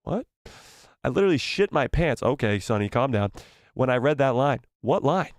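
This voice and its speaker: A young man hosting a casual live stream, reading viewer messages aloud in an animated, playful way and sometimes stumbling over the words. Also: medium pitch, moderate pace, dry recording, studio quality.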